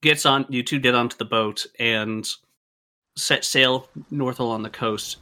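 A man narrating a tabletop game as game master, in a relaxed way with frequent fillers. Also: mid-range voice, unhurried, clear, resonant tone.

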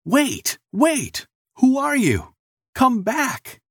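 A man's voice: fairly low pitch, expressive, slow pace, creaky, warm tone, husky, no echo, clean studio sound, full character voice. A man doing a tearful, desperate poor father. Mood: frantic shouting. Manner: choked, quavering voice holding back tears.

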